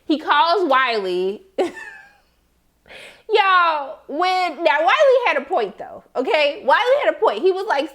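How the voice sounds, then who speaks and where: A woman giving a casual, animated recap of a TV episode, laughing and acting out the characters' lines. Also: high voice, takes it slowly. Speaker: TV recap host.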